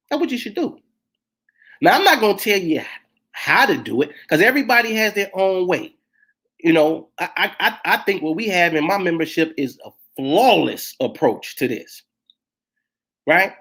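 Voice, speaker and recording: A woman minister giving an impassioned spiritual teaching, emphatic and constantly throwing out rhetorical questions to her listeners. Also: fairly low pitch. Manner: emphatic, full of rhetorical questions and call-outs.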